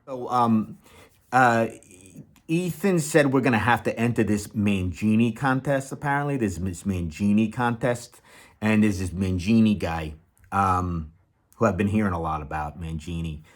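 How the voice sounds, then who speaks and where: A young adult man hosting a comedy channel, rambling in a sarcastic, mock-enthusiastic deadpan sketch. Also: lowish voice, measured pace.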